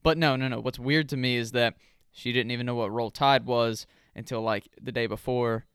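A man's voice: medium pitch, fairly even intonation, moderate pace, fairly bright tone, clear, resonant tone, no echo, studio quality. A young man co-hosting a casual chat, reacting bluntly and calling his friend "dude.".

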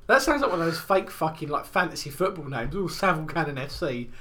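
Profane, animated young man. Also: on the high side, fast talker. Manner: profane, animated storytelling with acted quotes. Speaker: podcast co-host. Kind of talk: casual crude banter.

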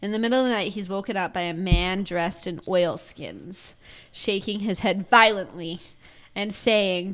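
A woman's voice: mid-range voice, lively intonation, measured pace, fairly bright tone. Giggly woman telling a story. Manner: giggly, laughs often. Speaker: podcast co-host. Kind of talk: casual storytelling chat.

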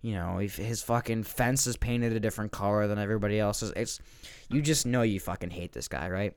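Young man, lower pitch, profane rambling rant. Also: brisk, clear, resonant tone, no room sound. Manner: profane, rambling, restarts often. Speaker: podcast host. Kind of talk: comedic rant.

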